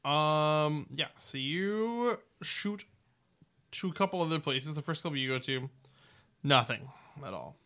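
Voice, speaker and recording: A man running a tabletop role-playing game, describing the jungle scenes piece by piece. His voice is bright and forward. He talks casually, with some ums and likes. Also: a little high, measured pace. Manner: relaxed, descriptive, with fillers. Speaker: game master.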